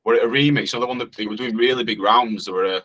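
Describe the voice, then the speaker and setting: Yorkshire producer guy, broad twang, bright sharp voice, modest and chatty. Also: mid-range voice, steady tone, fast, slightly rough, rough recording. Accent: Northern Yorkshire. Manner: modest, broad dialect speech. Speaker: music producer guest. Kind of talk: casual interview chat.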